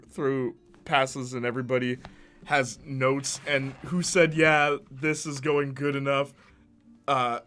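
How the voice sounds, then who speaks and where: A man hosting a casual movie ranking, excitable and slangy, laughing often as he talks. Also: medium pitch. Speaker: host.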